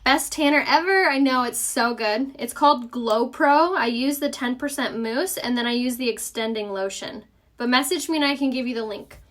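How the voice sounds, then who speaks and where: A woman's voice: on the high side, normal speed. A young woman with a Southern US accent hosting a casual live makeup tutorial, chatty and upbeat as she answers viewer comments.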